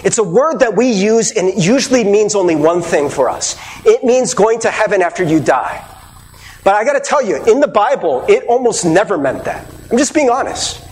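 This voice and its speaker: A man's voice: high-pitched, very animated, normal speed, darkish tone, big-room sound. A man preaching a sermon as pastor, earnest and conversational, asking the listeners rhetorical questions.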